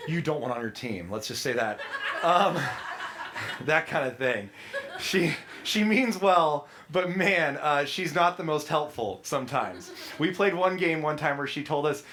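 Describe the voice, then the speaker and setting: A man's voice: on the high side, a bit bright. A man preaching a sermon, telling stories in a casual, chatty way and acting out the people he quotes. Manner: casual storytelling with quoted voices. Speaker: pastor.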